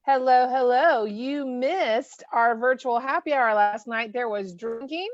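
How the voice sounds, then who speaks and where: A chatty, enthusiastic woman co-hosting an online call, with a fairly high voice. Her audio is dry and a little dull, like a typical video call. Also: unhurried, dry recording. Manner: chatty, enthusiastic, greets each arrival. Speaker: co-host. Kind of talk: casual chat.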